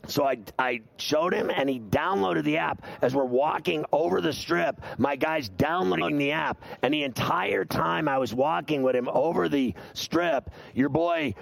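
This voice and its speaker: Gravelly fast-talking sports radio host man. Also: on the high side, poor audio. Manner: loud, rapid-fire storytelling with put-on quotes. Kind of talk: rambling sports betting radio talk.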